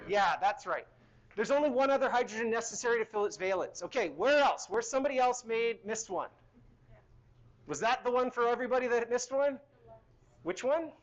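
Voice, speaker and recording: A man's voice: very high-pitched, animated, fairly quick. A middle-aged man teaching a university chemistry lecture in a hall, conversational and asking the class questions as he goes.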